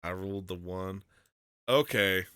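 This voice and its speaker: A man's voice: deep voice, a little slow, a bit bright, smooth, no echo, studio quality. A man from Michigan hosting a podcast, joking around and laughing easily in casual chat. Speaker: podcast host.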